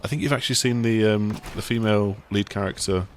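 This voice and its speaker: A man's voice: lowish voice, steady tone, fast talker, slight background noise. A man hosting a casual video game chat, talking in a rambling, enthusiastic way. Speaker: gaming site host.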